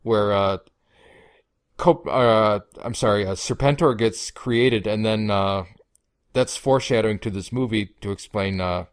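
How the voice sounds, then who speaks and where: A low-voiced man from Canada joining a movie commentary as a guest. He rambles through his points with plenty of fillers and restarts. The sound is close and dry. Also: a little slow, smooth, dry recording. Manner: rambling, hesitant, many fillers. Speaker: podcast guest.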